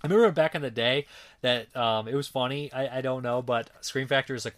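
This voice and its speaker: A man's voice: medium pitch, fast. A man giving a casual, rambling spoken movie review, swearing freely and often correcting himself mid-sentence. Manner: rambling, profane, filler-heavy; frequent self-corrections and restarts.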